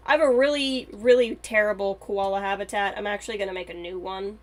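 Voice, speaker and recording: A woman's voice: medium pitch, normal speed. A woman streamer chatting casually and thinking aloud as she plays a game on a live stream.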